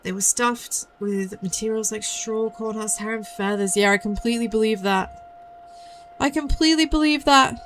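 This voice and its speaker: A woman's voice: mid-range voice, flat delivery, moderate pace, hardly any pauses, a little hiss or hum. A woman giving playful, chatty commentary as a VTuber playing a mystery game. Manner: chatty, playful, giggly asides. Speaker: VTuber streamer. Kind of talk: casual gameplay commentary.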